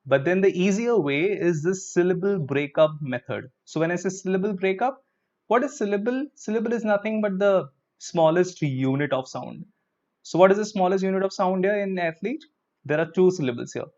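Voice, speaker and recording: A man's voice: high-pitched, animated, moderate pace, darkish tone. A man with an Indian English accent teaching a live English pronunciation lesson. He breaks words into syllables, has the class repeat each word with him, and slips in Hindi words like "chalo.". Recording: dull lo-fi sound.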